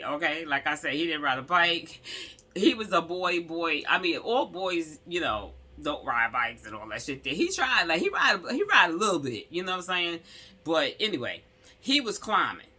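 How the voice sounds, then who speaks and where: Husky, lively woman telling a story. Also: low voice. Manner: emphatic, rambling, lots of asides to the audience. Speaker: vlogger telling a personal story. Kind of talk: casual storytelling to viewers.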